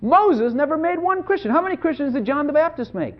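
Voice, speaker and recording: Animated preacher on a dull recording. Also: high-pitched, fairly quick. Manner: animated, conversational, repeatedly asks "Hello?". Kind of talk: sermon.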